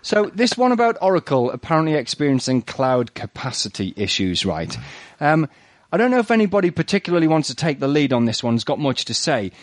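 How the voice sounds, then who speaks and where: A man hosting a casual tech news podcast, running through headlines in a brisk, joking way and tagging "right?" onto his lines. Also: on the high side, very animated, no room sound. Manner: brisk, jokey, keeps adding "right?". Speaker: podcast host.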